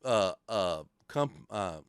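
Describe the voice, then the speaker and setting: Animated, foul-mouthed storyteller man. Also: on the low side, slow, clean tone, no room sound, clean studio sound. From California. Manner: animated, swears constantly, acts out voices in his stories. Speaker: podcast host. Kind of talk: casual profane storytelling. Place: podcast studio.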